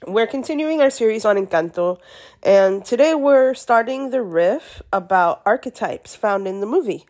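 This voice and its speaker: A woman hosting a podcast alone, chatty with many fillers, her voice gravelly from being sick. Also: fairly high pitch, a little mellow. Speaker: podcast host. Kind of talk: podcast monologue.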